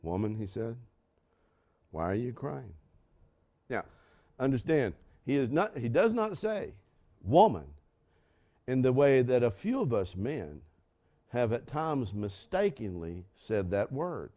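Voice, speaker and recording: Slow, animated older male preacher. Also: mid-range voice. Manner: dramatic shifts from shouting to hushed whispers, with laughs; preaching slowly with emphatic repetition. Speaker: pastor. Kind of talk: sermon.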